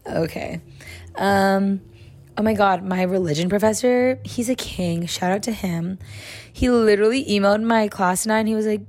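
A young woman hosting her own podcast in a bubbly, loud, chatty way, full of "like" fillers, talking into a phone with a clip-on mic as if sending a voice memo. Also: medium pitch, moderate pace. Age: young adult. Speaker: podcast host. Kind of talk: casual chat, like a voice memo. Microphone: phone with clip-on lav mic.

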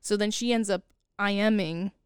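A woman casually retelling a movie plot on a podcast, animated, often quoting the characters and laughing. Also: medium pitch, normal speed, clear, resonant tone, no room sound, clean studio sound. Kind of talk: casual movie recap chat.

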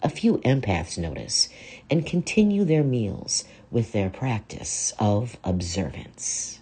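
Narrator: earnest, measured woman, very low and husky. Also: big pitch swings, dark tone. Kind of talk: first-person story reading.

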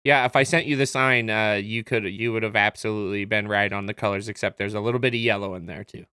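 A man's voice: on the low side, steady tone, quick pace, bright, forceful tone, clean tone, no echo, studio quality. A man co-hosting a podcast in casual, joking banter, swearing and slipping into silly voices. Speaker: podcast co-host.

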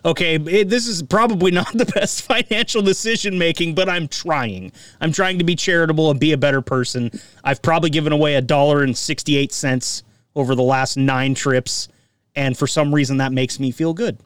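A man's voice: fairly high pitch, normal speed, fairly bright tone, no room sound, distant mic. A man hosting a podcast in casual chat, rambling and poking fun at himself. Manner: rambling, self-deprecating. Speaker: podcast host. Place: Eugene, Oregon.

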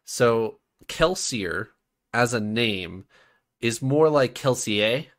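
A man's voice: mid-range voice, animated, drawn-out words. A man co-hosting a podcast, chatty and explanatory, stammering a little as he corrects pronunciations. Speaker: podcast co-host. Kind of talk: casual chat.

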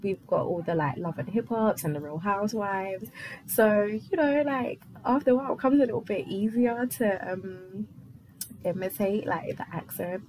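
A young adult woman from London, hosting her own podcast in a rambling, casual solo chat full of fillers and quick laughs. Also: mid-range voice, a little mellow, slight background noise, low-quality recording. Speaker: podcast host.

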